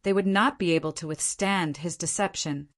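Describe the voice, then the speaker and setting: A woman narrating a fantasy audiobook in a steady, even reading voice. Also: on the low side, normal speed. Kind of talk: scripted narration.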